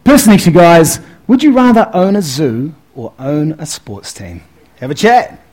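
A New Zealand man addresses a live audience in a loose, chatty way, peppering his talk with "eh" and "man". His voice sits a little on the high side, and he holds the handheld mic close to his mouth. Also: very animated, normal speed, darkish tone, rough recording. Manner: chatty and laid-back, many fillers and "eh", "man". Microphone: handheld mic held close to the mouth.

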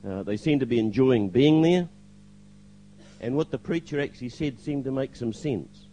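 A man's voice: medium pitch, moderate pace, warm tone, muffled recording, a little hiss or hum. An older man giving a spoken testimony to a church congregation, hesitant with fillers, now and then acting out the lines he quotes.

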